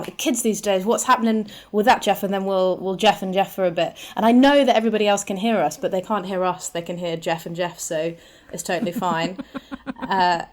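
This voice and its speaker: A woman chatting as a guest on a comedy panel. She talks quickly and chattily, with a steady mid-range voice and quick laughing asides. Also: mid-range voice. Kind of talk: comic panel banter.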